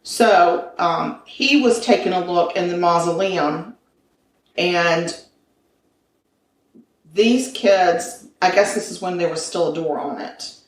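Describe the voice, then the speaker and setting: A woman co-host tells a spooky story in a chatty, animated way, breaking off for asides and correcting herself. She sounds set back from the mic. The room around her has a noticeable echo. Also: fairly low pitch, slow pace. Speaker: podcast co-host. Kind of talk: casual chat, telling a ghost story. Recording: roomy sound from a distant mic.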